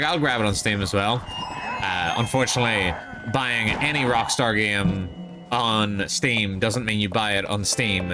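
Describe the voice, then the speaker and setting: A man streaming a video game live, chatting casually, joking, swearing and making fun of himself. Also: fairly low pitch. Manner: joking, swearing, self-mocking.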